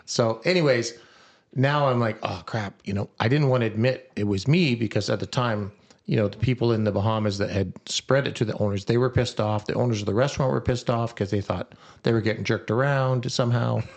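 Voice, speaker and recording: A middle-aged man co-hosting a podcast speaks briskly in a mid-range voice. He's an animated storyteller, telling a story in casual chat and acting out what people said.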